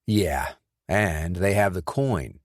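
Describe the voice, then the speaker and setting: Casting: low-voiced male narrator as a sarcastic hard-bitten ex-soldier, measured delivery, audiobook. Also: lively intonation, no room sound, exaggerated voice. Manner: dry, sarcastic. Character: wry tough male ex-soldier.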